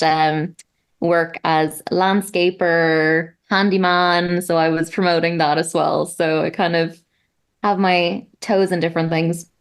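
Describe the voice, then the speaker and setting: Irish woman guest, slightly low voice, rambling friendly chat. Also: clear, resonant tone. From Ireland. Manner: chatty, self-deprecating, many fillers. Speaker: guest athlete. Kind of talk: casual interview chat.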